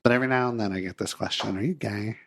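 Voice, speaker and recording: Casual podcast host, a man in his forties with a lowish voice who tells stories and slips into quoted voices. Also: racing, gravelly. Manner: animated, acts out quoted voices. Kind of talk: casual storytelling chat.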